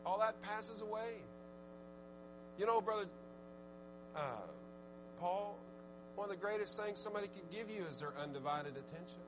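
A man preaching a sermon, swinging from fervent exhortation to low, conversational asides. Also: moderate pace, long pauses, background noise. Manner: rising to fervent shouted exhortation, then dropping low and conversational.

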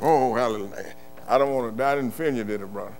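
An older man preaching a sermon, moving from quiet murmured storytelling to loud, impassioned shouts. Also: medium pitch, very fast, creaky, a little hiss or hum. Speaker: pastor.

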